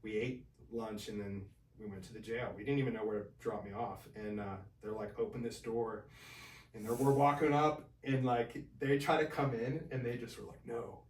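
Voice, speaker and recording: A man as a podcast guest, telling his own story in a casual, animated way and acting out the voices of the people in it. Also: medium pitch, normal speed, roomy sound, far from the mic. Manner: animated, acts out quoted voices.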